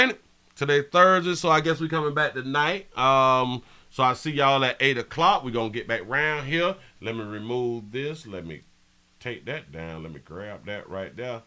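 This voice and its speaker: Guy on a livestream reading chat, brash and cussing, bright voice. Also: medium pitch. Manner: brash, profane, swings from mumbling to yelling. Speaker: live show host. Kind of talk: casual live-stream chat reading comments.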